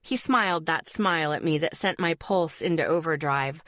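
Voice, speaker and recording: Low-voiced woman narrating an audiobook. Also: normal speed, a bit bright, no echo, clean studio sound. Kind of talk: first-person audiobook narration.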